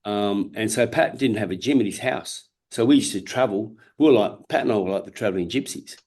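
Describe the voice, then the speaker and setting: Speaking with an Australian accent, a man in his fifties from Perth recounts his life as a former world champion boxer on an interview. His lowish, darkish voice moves a little fast and carries a breathy edge. He's frank and sincere, cursing freely and frequently starting sentences over.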